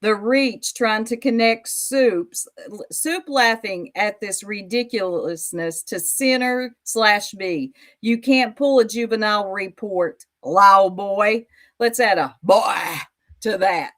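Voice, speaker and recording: A woman's voice: mid-range voice, slow, fairly bright tone. A woman hosting reaction commentary, mocking a clip and talking straight to her viewers with sass. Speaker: YouTube commentary host.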